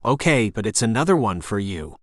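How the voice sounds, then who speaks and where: An upbeat young man hosting a livestream, as a male narrator voices him, chatty and sing-song with a bright lilt. The voice sits in an ordinary middle pitch. It is recorded dry and close. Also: very animated, a little fast, dry recording. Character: upbeat young male online cooking host.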